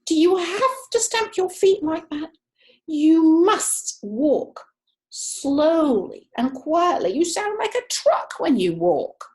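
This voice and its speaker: A woman voicing a startled middle-aged husband who shouts in alarm at every sound he hears. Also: medium pitch, unhurried, husky. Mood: alarmed shouting.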